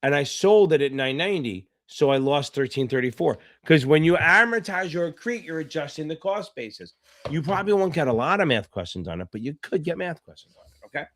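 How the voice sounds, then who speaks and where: Man as a laid-back, profane finance tutor running a live Q&A; slightly high voice, jokes between explanations. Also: expressive, a little fast, a bit bright. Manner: casual, joking, swears freely; reads out viewer names, chatty asides. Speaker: exam tutor. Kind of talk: live online Q&A lesson.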